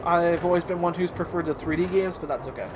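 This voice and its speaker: A man's voice: a little high, fast talker, heavy background noise. A man hosting a let's play, talking in a hesitant, filler-heavy, self-deprecating way. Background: game music.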